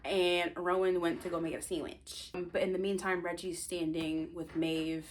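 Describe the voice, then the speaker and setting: A woman with a somewhat low voice retells the plot of her own novel in a casual, rambling way. She interrupts herself often and teases viewers with playful asides. A faint noise sits under the recording. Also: moderate pace. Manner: chatty and animated, rambling, self-interrupting.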